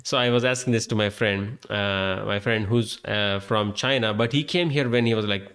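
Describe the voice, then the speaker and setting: A man's voice: lowish voice, moderate pace, fairly bright tone. An Indian-accented man talks through his podcast in a loose, rambling monologue. He leans on filler words and swears freely as he tells his stories. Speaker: podcast host. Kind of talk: casual monologue.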